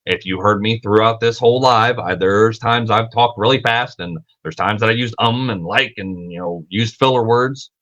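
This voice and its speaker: A man's voice: on the low side, normal speed, few pauses, fairly bright tone, dull audio. A young man hosting a casual livestream, rambling and self-correcting, swearing freely, with lots of filler words. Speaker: podcast host.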